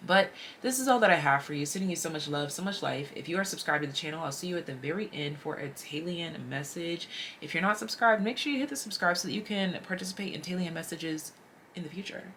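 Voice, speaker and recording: Lower-voiced woman doing a tarot reading, chatty and slangy, faint hiss behind. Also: fast, a bit bright. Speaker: tarot reader. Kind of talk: casual tarot reading to camera.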